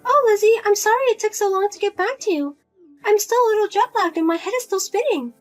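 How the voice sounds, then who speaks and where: A woman's voice: extremely high pitch, fast talker, faint music behind. A woman playing a whiny, pushy mother. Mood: nagging, whiny. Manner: nagging, pleading, guilt-tripping. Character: pushy middle-aged mother, whiny and money-grabbing.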